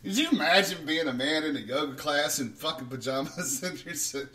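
A man reacts loosely and laughingly in a bright, sharp voice. He sits away from the mic, and the room adds a roomy echo. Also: a little high, a little fast, far from the mic. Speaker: show host reacting to a clip. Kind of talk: casual reaction chat.

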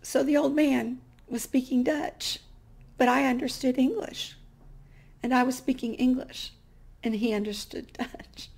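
Middle-aged woman vlogging her faith story, high voice, goes from hushed to loud and excited. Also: unhurried. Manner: animated, gets loud and excited retelling dialogue. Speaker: vlog host. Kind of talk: personal testimony storytelling.

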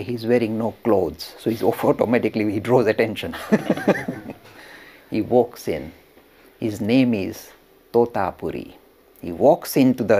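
Animated, gravelly male religion teacher. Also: medium pitch. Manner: animated, chuckles while telling. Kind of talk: storytelling lecture.

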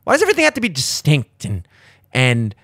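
A man's voice: brisk, no room sound, studio quality. A man in his thirties, hosting a podcast in casual chat, with profane, opinionated rambling. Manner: profane, opinionated rambling with animated jumps in pitch. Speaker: podcast host. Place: studio.

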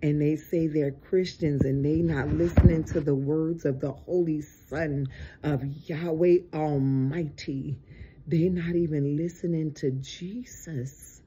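An online preacher giving an informal video sermon, tired and exasperated, with drawn-out, emphatic exhortations. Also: mid-range voice, fairly even intonation, dark tone, highs cut off, slight background noise.

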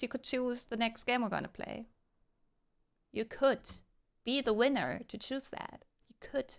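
A young woman streaming a game, chatting casually with her viewers and breaking into excited shouts. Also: a little high, measured pace, vocal fry. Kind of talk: casual live-stream chat.

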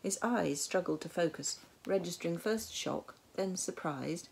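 A woman narrating a storybook tale in a measured, wry way. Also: fairly low pitch, creaky, darkish tone, a little hiss or hum. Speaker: audiobook narrator.

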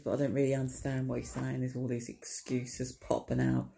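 A woman's voice: very deep voice, monotone, fairly quick, vocal fry, mellow. A woman tells a rambling comic story to camera, chatty and wry, swearing casually and peppering it with tag questions. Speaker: vlogger.

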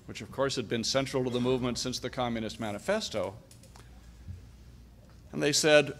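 A middle-aged man from Canada delivering an emphatic, deliberate political speech at a conference. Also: medium pitch, expressive, fairly bright tone. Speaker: conference speaker.

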